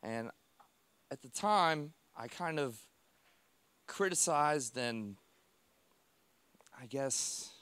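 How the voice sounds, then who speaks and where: A man giving a personal storytelling talk on stage to a live audience, speaking in a heartfelt way in short, halting phrases. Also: medium pitch, lively intonation, a bit bright, smooth, dry recording.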